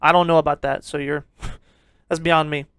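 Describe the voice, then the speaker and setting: A man's voice: a little high, little pitch movement, moderate pace, a bit bright, clear, resonant tone, no echo. A man co-hosting a casual movie review podcast, swearing freely and laughing often. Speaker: podcast co-host.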